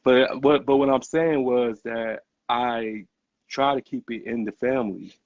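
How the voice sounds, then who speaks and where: A man's voice: mid-range voice, measured pace, a little mellow, dry recording. A young man hosting a podcast, talking earnestly in casual conversation and often repeating words as he gets going. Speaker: podcast host. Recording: dull, muffled podcast audio.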